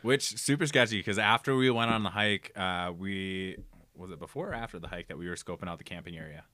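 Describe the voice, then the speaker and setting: A young man from Minnesota with a low, deep voice chats loosely as a podcast guest, wandering through his stories. His tone is bright and crisp, recorded close and dry. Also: fairly quick, dry recording. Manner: rambling storyteller, loose and chatty. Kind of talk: casual chat.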